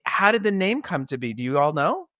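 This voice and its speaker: A man's voice: fairly high pitch, very animated, brisk, pushed and bright, no room sound, clean studio sound. A man hosting an upbeat podcast, enthusiastic and playful as he tells stories and welcomes guests. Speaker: podcast host.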